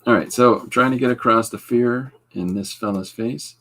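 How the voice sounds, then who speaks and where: Gravelly, husky man chatting. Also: mid-range voice, normal speed, fairly bright tone. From Canada. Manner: rambling, self-correcting, chuckling asides. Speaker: podcast host drawing comics live. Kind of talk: casual live-stream chat reading comments.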